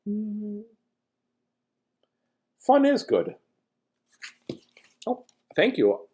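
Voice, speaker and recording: A man reading a bedtime picture book aloud, breaking off for playful, jokey asides to his listeners. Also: on the high side. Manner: jokey, animated, chatting to listeners. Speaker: storyteller reading a bedtime story.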